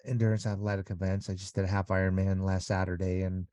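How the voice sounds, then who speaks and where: A man's voice: low-pitched, flat delivery, fast talker, warm tone, a little hiss or hum. A middle-aged man talking as an interview guest in a casual conversation, earnest and rambling with many restarts.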